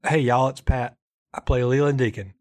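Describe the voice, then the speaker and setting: A man's voice: mid-range voice, fairly even intonation, normal speed, noisy background. A man recording show intros in casual chat with friends, restarting take after take and laughing. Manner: repeated takes, breaking into laughter.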